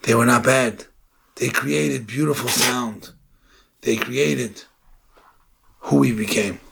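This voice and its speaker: A man giving an impassioned sermon as a rabbi, telling stories and rising to shouts on key points. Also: mid-range voice, slow pace, creaky, husky. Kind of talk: sermon with storytelling.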